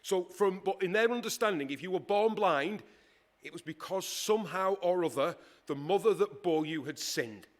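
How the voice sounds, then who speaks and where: A man's voice: high-pitched, expressive. Emphatic man preaching a sermon. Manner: conversational, emphatic, with dramatic pauses and acted quotes.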